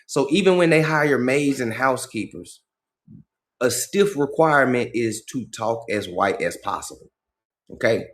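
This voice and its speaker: A man's voice: medium pitch, expressive, measured pace. A man hosting a livestream, reading a passage aloud and breaking off to comment in casual slang. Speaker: livestream host.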